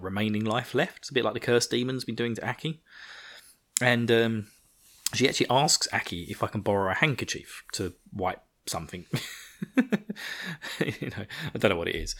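A man's voice: fairly low pitch, a bit bright. A man co-hosting a podcast, recapping an episode in a casual, rambling way and chuckling often. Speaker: podcast co-host. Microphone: podcast microphone.

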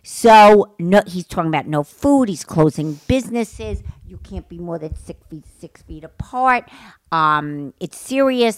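A middle-aged woman co-hosting a podcast with her daughter, talking bluntly, swearing and rambling excitedly. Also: on the low side, no echo. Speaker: podcast co-host. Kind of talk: casual chat. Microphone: studio microphone.

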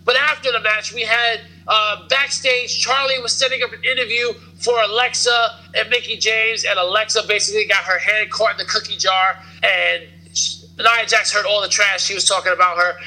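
In poorly recorded audio, a podcast host chats casually about wrestling, rambling with plenty of fillers and jokes. His voice is high-pitched, pushed and bright, with little pitch movement at a normal speed.

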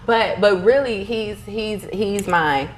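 A woman in her thirties, a podcast guest, telling stories in an animated way, with frequent restarts and laughter. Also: mid-range voice, slow pace. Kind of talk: casual interview conversation.

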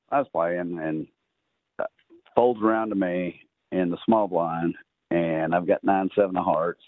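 A man's voice: low-pitched, dry recording. A man with a Texan accent telling a long poker story as a podcast guest, rambling with many uhs and ums. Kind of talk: casual storytelling. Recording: dry, tinny phone-line sound.

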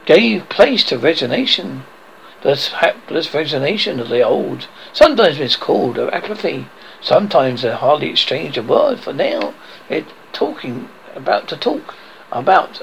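A man narrates a horror story in a dramatic, somewhat halting read. His fairly high voice has a gravelly rasp. His pitch moves a lot as he tells it. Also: fairly bright tone, slight background noise, rough recording. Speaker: horror host.

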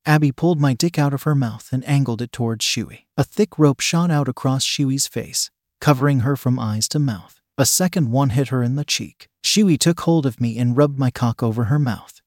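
A man narrating a first-person story in a plain, even reading voice. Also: medium pitch, dry recording, studio quality.

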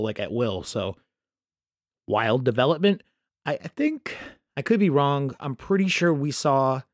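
A man's voice: medium pitch, no room sound. Profane, ranting man on a dry mic. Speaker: podcast host. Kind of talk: casual podcast commentary.

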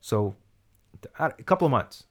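Animated man telling a story. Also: normal speed, breathy edge. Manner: animated, acts out quoted voices with big pitch jumps. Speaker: storyteller in a chat. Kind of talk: casual storytelling chat.

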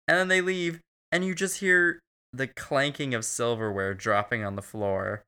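A man's voice: medium pitch, steady tone, measured pace, sharp tone, smooth. A man co-hosting a casual, crude film recap chat, profane and laughing often. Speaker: podcast co-host.

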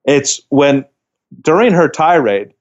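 A man co-hosting a podcast, walking through a dating show episode in a halting, filler-heavy way. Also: fairly high pitch, animated, muffled recording. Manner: halting, with many restarts and fillers like "like". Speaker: podcast co-host. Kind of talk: casual chat recapping a TV show.

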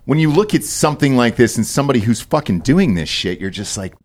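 A man's voice: medium pitch, very animated, fast. A man hosting a podcast, talking in a loose, profane, mocking way. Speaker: podcast host. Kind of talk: casual chat.

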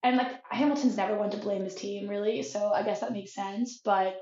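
A young woman co-hosting a casual chat, excitable and full of "like" fillers. Her voice sits in a middle register, and it comes through slightly dull and lo-fi. The room around her is noticeably echoey. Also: mid-range voice, brisk. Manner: chatty, many "like" fillers, excitable. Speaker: podcast co-host.

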